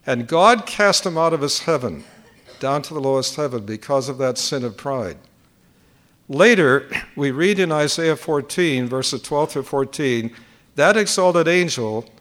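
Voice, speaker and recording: A man's voice: on the high side, fairly bright tone. An older man preaching at a conference, teaching point by point and repeating key phrases for emphasis. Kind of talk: sermon.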